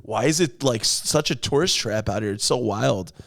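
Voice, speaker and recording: A man hosting a casual podcast, easygoing and quick to laugh, chiming in with short reactions. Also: medium pitch, lively intonation, creaky, a bit bright, dry recording, studio quality. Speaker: podcast host.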